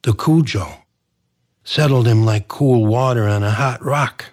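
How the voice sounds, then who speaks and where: A man's voice: mid-range voice, unhurried. A man reading a comic crime novel aloud, in a dry, wry storytelling manner. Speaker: narrator. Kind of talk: audiobook narration.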